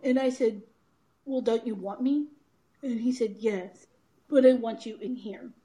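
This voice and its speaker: A woman's voice: fairly high pitch, a little slow, mellow, rough recording. A woman guest telling a candid personal story in an interview, laughing often and acting out what others said. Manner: candid, laughs often, acts out quoted voices. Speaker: guest, author and speaker.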